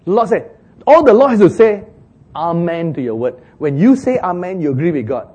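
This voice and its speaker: A man preaching a sermon in an animated way, chuckling as he talks and acting out the lines he quotes. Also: high voice, a little fast, breathy edge. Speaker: pastor.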